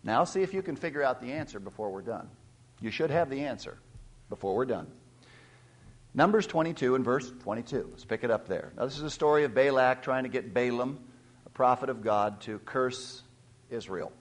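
A man preaching a sermon, teaching and questioning his listeners, swelling loud on key points. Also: mid-range voice, lively intonation, moderate pace. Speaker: pastor.

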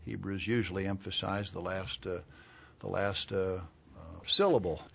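A man's voice: sits low, steady tone, moderate pace, gravelly, breathy edge. A man preaching a Bible-teaching sermon, who reads verses aloud with rising force and explains words plainly between them.

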